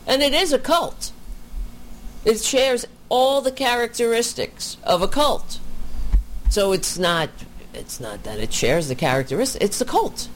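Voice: mid-range voice, sing-song, a little slow, slight background noise. A commentator reacting to a clip with indignant, sarcastic remarks.

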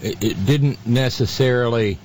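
A man hosting a radio talk show, talking in a halting way full of fillers and restarts, with sardonic asides. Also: medium pitch, darkish tone, slight background noise. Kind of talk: casual on-air commentary.

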